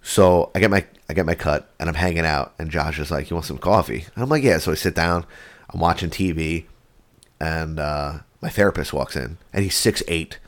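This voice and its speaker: A man co-hosting a podcast in casual chat, an animated storyteller who swears a lot and acts out what people said. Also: very deep voice, moderate pace. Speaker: podcast co-host.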